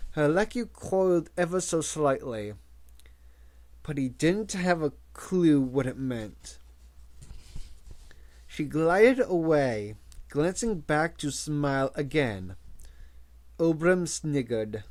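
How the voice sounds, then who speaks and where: A man reading a novel aloud as an audiobook, measured and expressive. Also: a little high. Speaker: audiobook reader.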